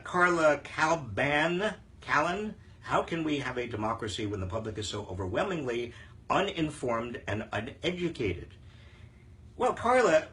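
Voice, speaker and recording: A man's voice: a little high, pushed and bright. An older man hosting a live viewer Q&A on politics, talking emphatically with frequent fillers and restarts. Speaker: host answering viewer questions.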